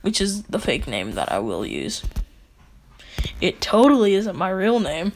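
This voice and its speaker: Speaking in an unhurried way, a man with a high-sitting voice and huge swings in pitch rambles through an improvised fan story in casual slang, stuffing his sentences with filler words and joking asides.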